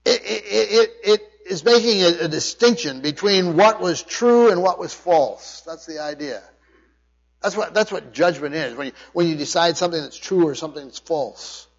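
Emphatic preacher in a reverberant hall. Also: male voice, on the high side, normal speed, vocal fry. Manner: emphatic preaching with frequent restarts and word study. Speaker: pastor. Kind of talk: sermon. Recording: dull sound with long hall reverb.

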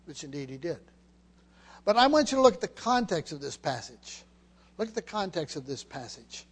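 Male pastor, high-pitched, emphatic expository preacher who repeats phrases; long hall reverb. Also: big pitch swings, brisk, husky. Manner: emphatic, repeats key phrases, frequent restarts. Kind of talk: expository sermon.

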